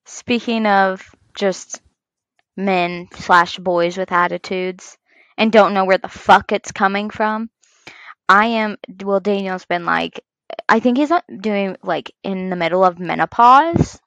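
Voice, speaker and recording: Podcast co-host, woman in her 30s, gravelly voice, swears a lot, close and dry. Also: mid-range voice, takes it slowly, dry recording, rough recording. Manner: swears a lot, animated storytelling. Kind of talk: casual chat.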